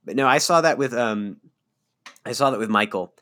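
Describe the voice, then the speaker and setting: A man's voice: mid-range voice, normal speed, a bit bright. A man co-hosting a podcast in casual chat, joking and laughing often. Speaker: podcast co-host.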